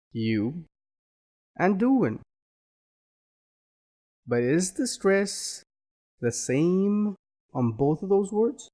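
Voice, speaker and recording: Guy teaching english accent, takes it slow, voice jumps around a lot. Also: on the high side, a little mellow. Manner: slow, deliberate teaching with acted example phrases. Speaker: accent coach. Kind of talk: spoken English lesson.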